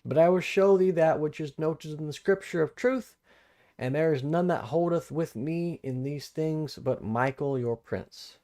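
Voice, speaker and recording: A man's voice: on the high side, measured pace, mellow. Man reading and musing over scripture. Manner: thinks aloud, rereads verses and repeats phrases while puzzling over them; casual, plain-spoken asides between formal scripture reading. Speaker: Bible study streamer. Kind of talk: live-streamed Bible study, reading aloud and commenting.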